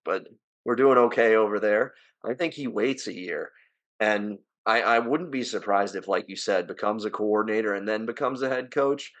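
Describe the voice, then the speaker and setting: A man's voice: lowish voice, a bit bright. A man with a New Jersey accent co-hosting a sports podcast, opinionated and prone to exasperated, profane rants. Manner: opinionated, ranting, swears, rising to exasperated outbursts. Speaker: podcast co-host. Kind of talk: casual sports talk.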